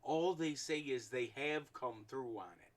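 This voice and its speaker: A man's voice: medium pitch, a little slow. A man co-hosting a casual podcast chat, ranting in a blunt, heated, profane way. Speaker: podcast co-host.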